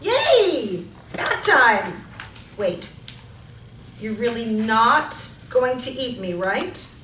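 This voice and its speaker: A woman's voice: fairly high pitch, sing-song, drawn-out words, bright, forceful tone, exaggerated voice. A woman voicing an eager, chatty teenage girl lamb with a Midwestern accent, upbeat and full of questions. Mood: excited. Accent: Midwestern American. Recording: echoey room, mic far off, faint hiss.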